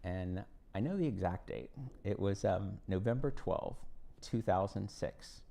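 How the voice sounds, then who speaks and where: A man's voice: deep voice, a little slow, creaky, mellow. A man, a former politician, telling folksy anecdotes on stage and giving advice to students. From United States. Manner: folksy anecdotal storytelling with acted quotes. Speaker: guest speaker, former congressman. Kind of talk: storytelling talk on stage. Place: university event hall.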